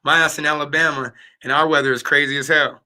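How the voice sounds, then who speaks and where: In his late thirties, this livestream host speaks in a high, very bright and forceful voice that stays steady, fast and smooth. He rambles loosely with plenty of fillers and slang, seemingly replying to viewer comments.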